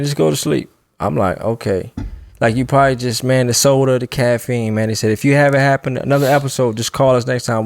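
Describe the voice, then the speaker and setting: A man in a relaxed podcast chat, telling a story in a loose, easygoing way and laughing often. His voice sits at a middle pitch and sounds dry and close, with no room around it. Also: no room sound. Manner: laid-back, laughs while telling a story. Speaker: podcast co-host.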